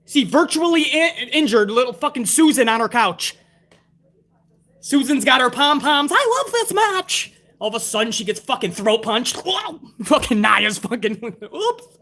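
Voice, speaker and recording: A man's voice: very high-pitched, lively intonation, moderate pace, bright, forceful tone. A man reviewing a wrestling show on a live stream, ranting casually with heavy swearing and sarcasm while reading out viewer tips.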